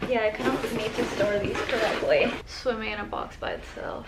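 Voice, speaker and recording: A woman's voice: a little high, moderate pace, very noisy. A young woman chatting casually at home as she vlogs about decorating, gushing and saying "y'all" often. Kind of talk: casual vlog chat. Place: at home indoors.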